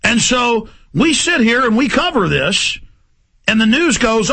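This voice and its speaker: A man hosting a talk show, delivering an impassioned, ranting monologue with forceful, repeated emphasis. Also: very high voice, sing-song, measured pace, husky.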